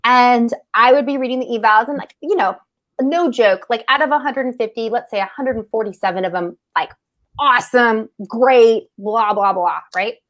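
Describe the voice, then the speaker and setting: A middle-aged woman who co-hosts a podcast tells a story about public speaking in a casual, animated way, often adding "like" and "right?". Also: on the high side, normal speed. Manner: animated, frequent "like" and "right?" asides.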